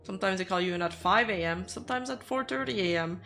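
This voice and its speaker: A woman, chatting on her reaction stream at a middle pitch. She talks in an easy, animated way and breaks into laughs. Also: fast, faint music behind. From Canada. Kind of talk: casual reaction stream chat.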